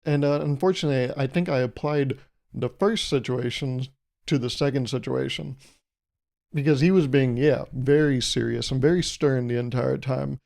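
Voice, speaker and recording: A man's voice: mid-range voice, normal speed, vocal fry, a little mellow. A man hosting a solo podcast, rambling through jokey analogies and laughing at his own jokes. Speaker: podcast host. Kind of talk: solo comedic podcast monologue.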